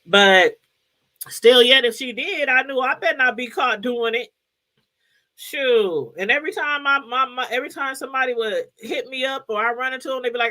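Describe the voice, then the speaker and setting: A middle-aged woman talking straight to her viewers in a loose commentary chat, with a lilt. Her voice sits high and sounds bright and forward. She rambles in a lively way, laughs easily and calls out to viewers by name. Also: a little fast. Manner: animated, chatty, laughs often and greets viewers by name. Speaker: YouTube commentary host.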